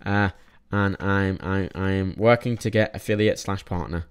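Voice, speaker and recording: A man's voice: deep voice, fairly even intonation, a little slow, smooth. A young man casually reviewing films in a vlog, rambling with many restarts and frequent swearing. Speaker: film reviewer.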